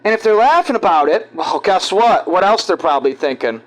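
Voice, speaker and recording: A man from giving rambling, halting, conspiratorial commentary over video clips. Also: high-pitched, expressive, rough recording. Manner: halting, restarts often, conspiratorial. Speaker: vlogger.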